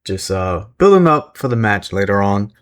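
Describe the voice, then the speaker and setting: A man with a slightly low voice talks through a recap in a loose, rambling way. He fills gaps with "uh" and "um", chuckles often and pokes fun at himself. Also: very animated, normal speed. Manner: rambling, self-deprecating, many fillers and chuckles. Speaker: wrestling recap vlogger. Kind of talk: casual recap commentary.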